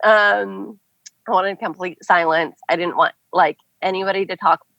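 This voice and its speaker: A woman's voice: on the low side, steady tone, a little slow, vocal fry, fairly bright tone, dry recording. A young adult woman telling a story as a podcast guest, chatty and casual with many filler words. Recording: dull, dry podcast audio.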